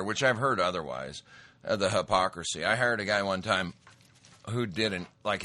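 A man telling a true story in a casual, animated way, acting out his own lines of dialogue. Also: sits low.

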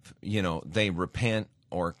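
A man hosting a faith talk on the radio, telling stories with animated, emphatic bursts. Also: low voice, measured pace, no room sound. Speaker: radio host.

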